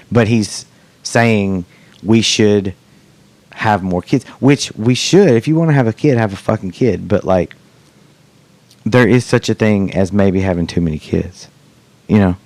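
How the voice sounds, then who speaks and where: A man's voice: lowish voice, darkish tone, no echo. A middle-aged man hosting a podcast, chatting casually, rambling and joking with plenty of swearing. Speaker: podcast host. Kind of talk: casual chat.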